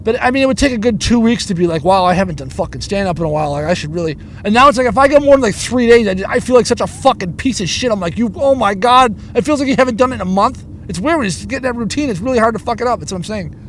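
A man's voice: very high voice, very fast, few pauses, slight background noise. A man who does stand-up comedy, telling a story as an angry, profanity-heavy rant that stumbles and repeats itself. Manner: angry, profanity-laden, stammering.

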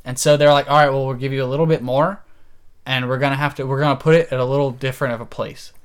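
A man in his twenties, a podcast co-host, telling a story in casual chat, animated and laughing often. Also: mid-range voice, fast, clean tone. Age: 20s.

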